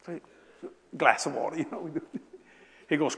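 A man in his seventies preaching a sermon, telling a personal story with lots of laughter and sudden loud bursts. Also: fairly high pitch, normal speed, creaky, pauses often. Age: 70s. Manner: animated, laughing, bursts of shouting. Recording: echoey hall.

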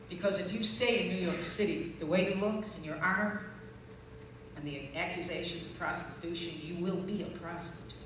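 A woman preacher giving her testimony in a somewhat low voice, acting out the people in her story and building to loud, fervent peaks. She is heard from a distance in a very echoey hall with clear background noise. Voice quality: distinctive voice. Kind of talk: testimony sermon.

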